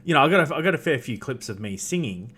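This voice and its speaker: A man's voice: mid-range voice, big pitch swings, fast talker, fairly bright tone, husky. A man who plays tabletop games, chatting casually, rambling with lots of fillers and restarts and laughing often. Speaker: tabletop game player. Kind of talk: casual chat.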